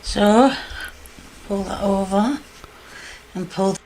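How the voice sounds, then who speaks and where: A woman giving slow, chatty step-by-step instructions in a home cooking demonstration. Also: medium pitch, a little mellow, a little hiss or hum. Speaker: home cook.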